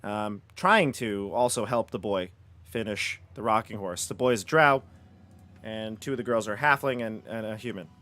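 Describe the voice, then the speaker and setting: A man's voice: fairly low pitch, normal speed, a bit bright. A man running a tabletop game as dungeon master, describing rooms and reading descriptions aloud.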